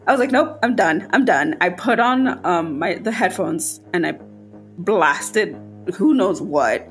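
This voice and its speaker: A woman podcast host telling a personal spooky story in casual chat, her voice jumping high when she quotes herself. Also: lively intonation, a little slow, soft background music.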